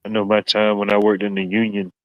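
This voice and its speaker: A man's voice: lowish voice, completely flat delivery, fast talker, no echo, dull audio. A man hosting a casual live stream, joking and rambling, peppering his talk with "you know what I mean". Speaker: stream host.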